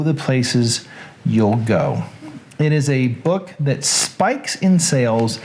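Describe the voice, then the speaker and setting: A man with a Southern US accent hosts a relaxed livestream, drifting through asides and self-corrections. He talks at an unhurried, drawn-out pace in a mid-range voice, with a faint hiss of noise behind him. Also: medium pitch. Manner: rambling, chatty, restarts and asides. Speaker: host. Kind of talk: casual livestream chat.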